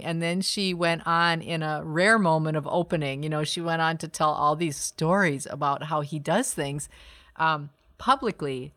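A woman's voice: low voice, moderate pace, fairly bright tone. A middle-aged woman co-hosting a podcast, talking in a reflective, casual way and laughing often. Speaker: podcast co-host. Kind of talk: casual conversation.

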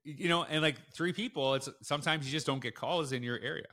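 Animated man telling stories, bright voice. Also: a little fast. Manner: animated, acts out quotes with big jumps in pitch. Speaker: school principal and guest. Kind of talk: casual storytelling in a podcast interview.

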